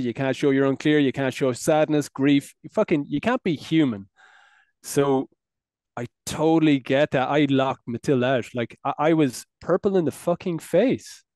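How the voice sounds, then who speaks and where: A man's voice: medium pitch, darkish tone, no room sound, studio quality. A man hosting a podcast, talking earnestly and reflectively, swearing casually. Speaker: podcast host and men's coach. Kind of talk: reflective interview conversation.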